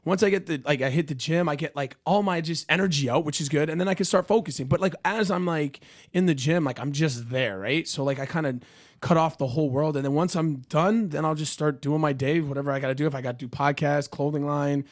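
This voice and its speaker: A hyper, excitable man from Canada co-hosts a relaxed podcast chat. His voice sits a touch high for a man. He talks in quick bursts, packed with "like" and "man". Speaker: co-host.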